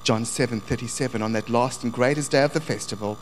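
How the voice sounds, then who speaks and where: A man's voice: medium pitch, fast, few pauses, soft background music, rough recording. A man preaching a sermon, telling a personal story and quoting scripture emphatically.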